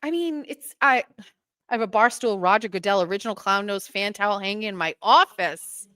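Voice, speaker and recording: A woman hosting a podcast, chatting casually in a gossipy, animated way. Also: mid-range voice, fairly quick, clean tone, dry recording. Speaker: podcast host. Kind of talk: casual chat.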